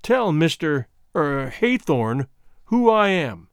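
A man reading a story aloud, voicing an abandoned husband who speaks in a calm, measured, dryly polite way. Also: a little high, clear, resonant tone, no echo, studio quality, full character voice. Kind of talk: audiobook reading.

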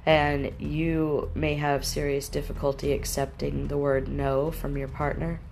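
A woman with a low, mellow voice teaches about relationship habits. She speaks plainly and directly, giving firm, practical steps. There is a faint hum of room ambience behind her. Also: vocal fry. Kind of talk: instructional talk to camera.

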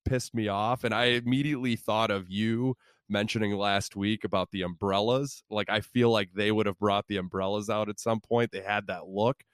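A man's voice: on the low side, steady tone, moderate pace, no room sound, clean studio sound. A man co-hosting a podcast, telling rambling, profane stories in casual sports chat. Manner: rambling, profane, self-interrupting. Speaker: podcast co-host.

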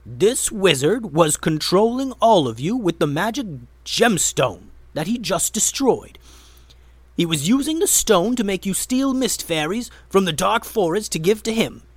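A stealthy storybook adventurer who speaks urgently and forcefully, as a male narrator puts the part on. The voice is raised noticeably above the narrator's own pitch. It is recorded close and dry. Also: big pitch swings, a little slow, husky, no echo, heavily acted. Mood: accusing. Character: stealthy adventurer exposing the villain.

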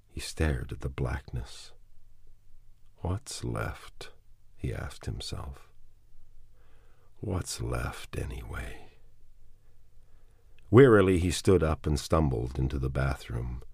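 A man reading a novel aloud as audiobook narration, in a measured and somber way. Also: rumbling low, warm tone, breathy edge, no echo, clean studio sound. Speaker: audiobook reader.

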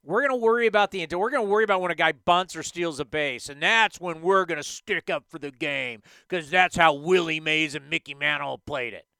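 Male sports radio host, emphatic rants, bright clear voice, dry studio sound. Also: on the high side, fairly quick, few pauses, no room sound. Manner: animated, emphatic ranting.

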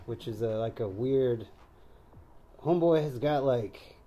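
A man with a very dark, mellow tone co-hosts a loose movie review chat. He talks in slang, swears freely and jumps into quick impressions of characters from the film. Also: mid-range voice, slight background noise. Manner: slangy, profane, animated, mimics film scenes. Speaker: podcast co-host.

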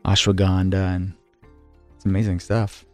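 A man's voice: low voice, little pitch movement, moderate pace, soft background music. A man co-hosting a podcast remotely, upbeat and breezy. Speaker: co-host. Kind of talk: casual podcast chat.

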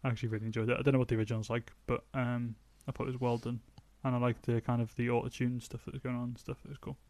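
A man's voice: medium pitch, level tone, racing, a little mellow, no room sound. A young man co-hosting a podcast, chatting casually and with strong opinions about songs, laughing easily. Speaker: podcast co-host. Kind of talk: casual music review chat.

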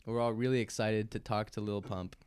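A young man in his twenties telling a story in casual chat, breaking into loud impressions and laughing as he goes. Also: fairly low pitch, steady tone, a little fast, smooth, dry recording. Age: 20s.

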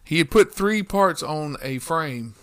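A man's voice: on the high side, a little slow, clear, resonant tone. A man in casual chat, telling a profane workplace story with lots of quoted back-and-forth. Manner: lively retelling, rambling with restarts.

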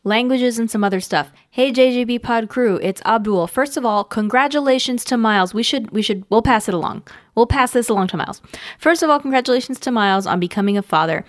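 A woman's voice: fairly high pitch, no echo. Woman co-host reading listener mail. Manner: dry, brief replies, halting reading. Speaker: podcast co-host. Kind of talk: casual podcast chat, reading listener email.

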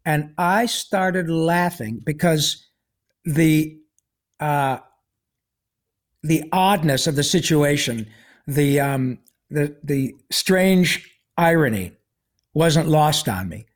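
A man with a somewhat higher-than-usual voice tells a personal story as a guest on a podcast. He rambles casually, with plenty of fillers, restarts and a wry sense of humor. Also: slow pace, pauses often.

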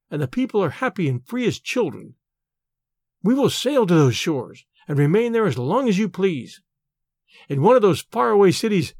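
A man's voice: high-pitched, darkish tone, breathy edge, dry recording, clean studio sound, heavily acted. A man reading aloud, voicing an earnest young male suitor who pleads tenderly.

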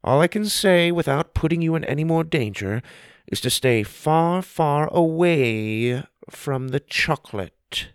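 A twitchy, paranoid chocolate maker in an audio storybook, put on by a male narrator. His voice jumps up high and strained, and the pitch swings around restlessly. The sound is dry and close. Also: expressive, a little slow, smooth, dry recording. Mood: warning. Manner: fretful, jittery, high and strained.

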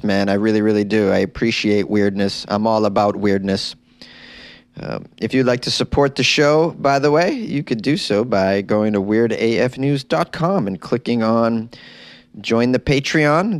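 A man's voice: lowish voice, dry recording. A man hosting a comedy podcast, riffing in a jokey, rambling, self-mocking monologue on a close mic.

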